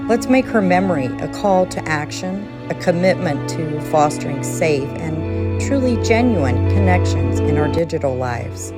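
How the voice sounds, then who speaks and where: A woman narrating a true crime story in a solemn, dramatic scripted delivery. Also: low-pitched.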